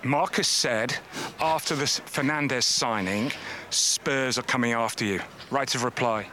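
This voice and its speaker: A man interviews a guest in a friendly, chatty way, his voice bright and forward. Faint outdoor noise sits behind him. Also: medium pitch, measured pace. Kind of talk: casual interview.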